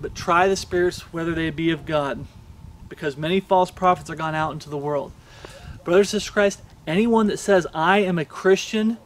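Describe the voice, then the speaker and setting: A man preaching a sermon for an online channel, earnest and repetitive, often checking in with "Okay?". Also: sits high.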